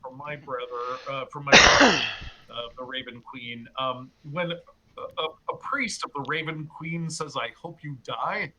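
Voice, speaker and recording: A man narrating a tabletop game as game master, with halting, filler-heavy delivery. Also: medium pitch, fairly even intonation, bright, forceful tone, poor audio.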